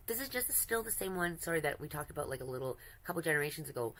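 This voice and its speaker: A woman's voice: low voice, animated, rapid-fire, a bit bright, low-quality recording. A woman streamer chatting casually while she draws, rambling and giggly, affectionate, often breaking off mid-sentence. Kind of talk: casual chat while drawing.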